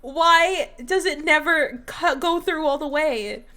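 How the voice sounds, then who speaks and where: A woman hosting a live stream in casual chat, hyper and excitable, meowing playfully at her chat. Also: sits high, takes it slowly. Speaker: streamer host.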